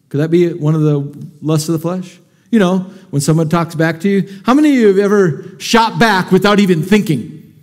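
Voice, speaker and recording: A man's voice: high voice, darkish tone. A man, a pastor, preaching a conversational sermon to his congregation and often asking them questions. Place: church sanctuary before a congregation.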